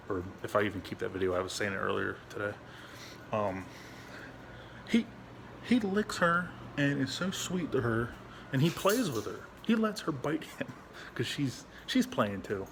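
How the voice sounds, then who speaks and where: Rambling casually in a home vlog, a veteran vlogger speaks bluntly with vocal fry, swearing often and restarting his sentences. He uses high baby talk for his dog, and the recording has a little hiss or hum.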